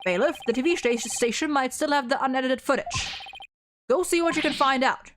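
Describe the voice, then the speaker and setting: A woman's voice: sits high, fairly quick, noisy background, natural voice. Woman reading as a fussy old male judge. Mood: indignant.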